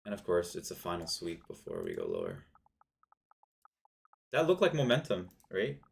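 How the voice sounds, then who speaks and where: Very deep male voice, self-critical day trader, casual swearing, live trading commentary. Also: wildly swooping pitch, normal speed, gravelly. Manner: self-critical, frustrated, swears, fills with "man" and "bro".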